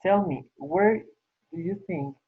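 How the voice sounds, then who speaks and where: Speaking slowly in a high, husky voice, a man patiently works through exercises with an online English student, repeating words of praise. The sound comes over a video call and is tinny, like a phone.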